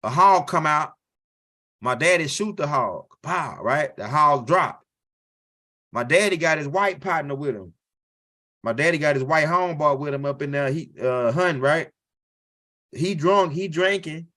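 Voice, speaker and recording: A man's voice: on the high side, lively intonation, unhurried, pauses often, bright, forceful tone. A male stand-up comedian telling a rambling, profane story and checking in with the crowd with "right?". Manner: loose, profane storytelling with frequent "right?" tags.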